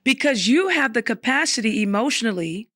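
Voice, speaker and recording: A woman's voice: on the high side, expressive, brisk, a bit bright, no room sound. Enthusiastic woman host, dry sound. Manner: enthusiastic, interjecting. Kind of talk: casual discussion.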